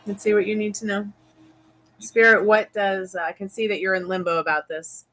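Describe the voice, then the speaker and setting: A woman's voice: medium pitch, level tone, unhurried, pauses often, fairly bright tone, rough recording. Chatty woman hosting a tarot stream. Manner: chatty, greets viewers by name, addresses spirits. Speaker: tarot reader livestream host. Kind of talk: casual livestream chat. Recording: music playing behind the voice.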